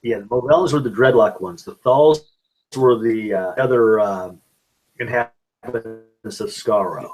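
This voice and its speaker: A man co-hosting a podcast, speaking haltingly with many pauses and fillers as he corrects details. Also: fairly low pitch, darkish tone, rough recording. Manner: halting, fact-correcting fan talk with many "uh"s. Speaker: podcast co-host. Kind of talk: casual podcast chat.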